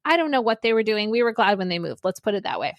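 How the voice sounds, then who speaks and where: A woman in her forties co-hosting a podcast, telling an animated story with frequent laughter in casual chat. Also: mid-range voice, fast talker, no room sound. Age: 40s. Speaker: podcast co-host.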